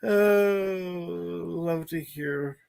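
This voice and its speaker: A man's voice: high voice, drawn-out words, vocal fry, a little mellow, clear, resonant tone. A man hosting a casual livestream from home, reading viewer comments aloud and swearing casually. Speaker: livestream host. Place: room at home.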